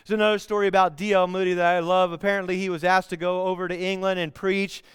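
Animated high-voiced preacher man. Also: fast talker, smooth, dry recording, clean studio sound. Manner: storytelling, animated, bursts into song. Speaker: pastor. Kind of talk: sermon.

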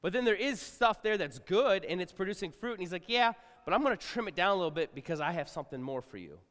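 A middle-aged male pastor preaching to a congregation, talking casually and swinging from quiet asides to loud outbursts. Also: high-pitched, expressive, fast talker. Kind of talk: sermon. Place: large church hall. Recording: live sermon with long hall reverb.

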